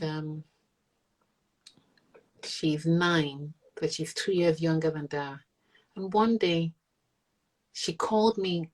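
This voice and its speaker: This guest, a middle-aged woman with an autistic child, has a deep voice captured on a rough recording. She reflects earnestly in a conversational interview, quoting what others said in their voices.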